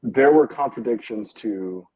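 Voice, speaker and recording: A man's voice: medium pitch, a little slow, a little mellow, breathy edge, dry recording, low-quality recording. A man speaking on a video call from home in a casual panel discussion, hesitant and full of restarts. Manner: hesitant, many fillers and restarts, laughs between points. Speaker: panel guest.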